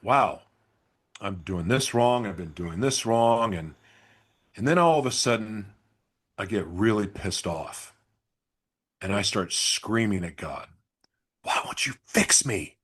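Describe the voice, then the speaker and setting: A man's voice: on the low side, takes it slowly, pauses often. A man guest in an interview, telling his story candidly and confessionally, swearing at times.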